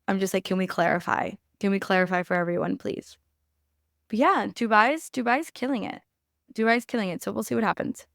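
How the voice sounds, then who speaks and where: A woman's voice: mid-range voice, a bit bright, clean tone, no room sound, studio quality. A young woman hosting a podcast, giving blunt, opinionated takes in a casual recap and swearing freely. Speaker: podcast host.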